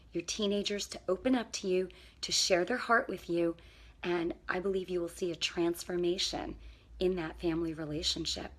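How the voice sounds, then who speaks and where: A middle-aged woman, a parenting coach and counselor, talking to camera in a casual, faith-based way. She is earnest and encouraging and keeps checking in with the viewer. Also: fairly low pitch.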